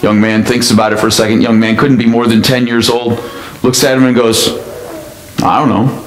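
Male pastor, mid-pitched, lively storytelling sermon, roomy church sound with faint noise. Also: fairly quick. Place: church sanctuary.

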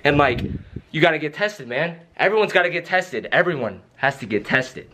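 A young man with a voice pitched a little high for a man rants to the camera in a comic vlog. He rambles in an excitable way, keeps stringing thoughts together with filler words and keeps checking whether the listener is following. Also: moderate pace, noisy background. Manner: rambling, excitable, fills with "like" and "right?". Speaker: vlogger. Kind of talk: comedic rant to camera.

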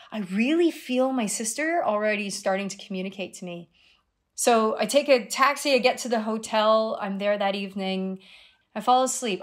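A middle-aged woman, a guest on an interview show, telling a personal story in an animated way, her voice jumping high at surprising moments. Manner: animated retelling with sudden high exclamations. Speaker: guest, dream guide.

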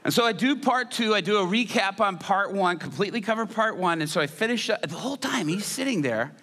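A middle-aged man preaches with animated storytelling, acting out the people he talks about. His voice is bright and forceful. It carries a long reverb from the church hall. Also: high-pitched, brisk. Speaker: pastor. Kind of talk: sermon storytelling.

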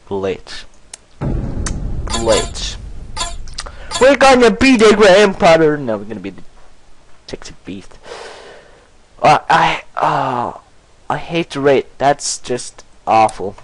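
A man giving let's-play commentary, excitable and playful, bursting into shouts and giggles in broken English. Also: medium pitch, poor audio. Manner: broken, ungrammatical English phrasing. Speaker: gaming commentator.

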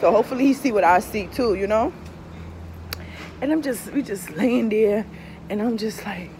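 A young adult woman vlogging, telling a candid story in casual talk, swearing freely and laughing, her pitch jumping up high and dropping low. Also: moderate pace, long pauses, noisy background.

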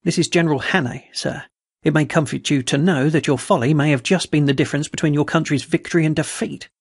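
A man voicing a brisk, authoritative male intelligence chief in a story reading. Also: on the high side, fairly even intonation, husky, no echo, studio quality.

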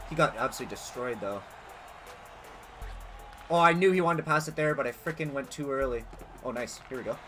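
A young man giving casual, excitable gameplay commentary as a gaming channel host, swearing and yelling at big plays. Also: medium pitch, brisk, long pauses, soft background music. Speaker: gaming youtuber.

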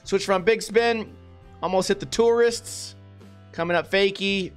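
Man, high voice, casual review commentary, blunt, sarcastic, faint music underneath. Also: unhurried. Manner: blunt, sarcastic critique with swearing. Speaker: skate video reviewer host.

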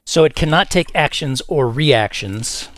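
A man's voice: on the high side, expressive, measured pace, a bit bright, dry recording. A man playing a tabletop game, casting spells and explaining rules in a wry, wordy way. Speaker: player. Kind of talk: casual game play chat.

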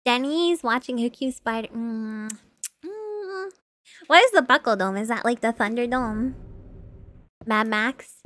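A woman streaming a video game in casual chat, excitable and giggly, talking freely with her viewers. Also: a little high, unhurried, no echo.

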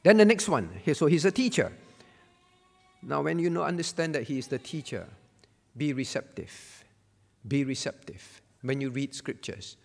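A man with a high, lively voice teaches a Bible lesson from the pulpit. He is emphatic and repeats his key phrases for weight. His voice rings with the long reverb of a church hall. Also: normal speed, creaky. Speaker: pastor.

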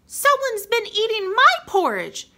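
Storybook baby bear cub, tiny and whiny, very high squeaky voice, put on by a woman reader. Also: huge pitch swings, unhurried, pushed and bright, exaggerated voice. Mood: upset. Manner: squeaky and upset.

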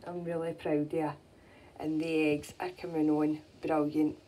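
A woman chatting casually in a home vlog as she checks her pigeons' eggs, cooing gently to the birds. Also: low-pitched, level tone, unhurried, slight background noise. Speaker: pigeon keeper.

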